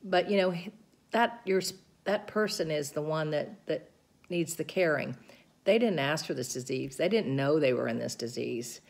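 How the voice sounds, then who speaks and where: A woman's voice: deep voice, moderate pace, creaky. A middle-aged woman casually recounting a caregiving seminar, explaining things earnestly and describing hand gestures as she goes. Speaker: caregiver sharing seminar notes. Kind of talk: informal talk recounting a seminar.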